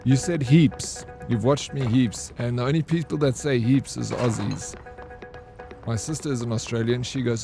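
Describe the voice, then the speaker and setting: A man's voice: medium pitch, moderate pace, vocal fry, mellow, faint music behind. A young man, chatting with his viewers while streaming a game and greeting them by name. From South Africa. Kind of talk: casual live-stream chat.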